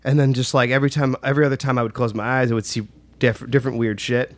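A man talks loosely about something that happened to him, and he keeps circling back with fillers and restarted phrases. His voice sits at an ordinary middle pitch. The sound is dry and close, with no room echo. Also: fairly even intonation, very fast. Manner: rambling, full of "like" and restarts. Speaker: storyteller recounting a personal experience. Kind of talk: casual chat.

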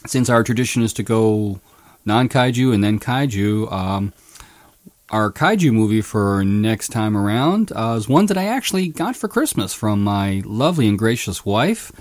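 A man's voice: lowish voice, normal speed, no room sound. A man co-hosting a podcast, chatting casually about a movie with lots of restarts and filler words. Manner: rambling, many restarts and "uh"s, gets animated telling scenes. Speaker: podcast co-host. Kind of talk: casual movie review chat.

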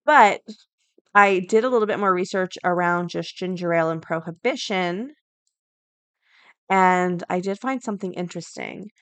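A woman's voice: lowish voice, normal speed, a bit bright, clear, resonant tone, no echo. Chatty woman podcast host, dry sound. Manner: chatty, thinks aloud with fillers. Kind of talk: casual chat, reading an article aloud.

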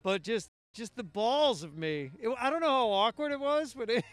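High-voiced man telling comedy stories. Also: animated, normal speed, smooth. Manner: storytelling with self-deprecating laughs. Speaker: comedian guest. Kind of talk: casual podcast chat.

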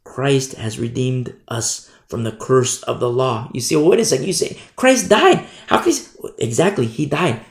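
Preaching at medium pitch and a normal pace, the man sounds expressive, his sermon ringing in a roomy space. As pastor, he hammers home repeated phrases and shifts between loud proclamations and soft asides.

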